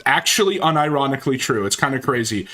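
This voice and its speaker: A man's voice: mid-range voice, lively intonation, bright, forceful tone. A man commentating over a recorded call, sarcastic and often laughing as he reacts. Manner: laughing, sarcastic, quick asides. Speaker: stream commentator.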